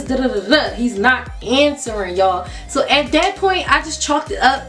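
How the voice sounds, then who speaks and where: Animated high-voiced woman telling a storytime. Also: a little slow, recorded from a distance, faint music behind. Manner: animated and exasperated, addresses viewers as y'all. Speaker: vlogger. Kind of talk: casual storytime.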